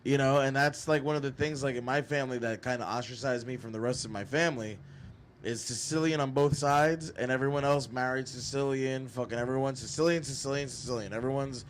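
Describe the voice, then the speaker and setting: A man's voice: mid-range voice, a little fast, a little hiss or hum. A man hosting a casual podcast chat, swearing often and ranting with energy. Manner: profane, animated, slips into mock mobster voices. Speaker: podcast host.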